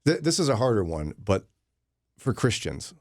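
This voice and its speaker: A man hosting a morning radio show, telling joking stories in a casual, animated chat. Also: lowish voice, normal speed, dry recording, studio quality. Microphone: studio microphone.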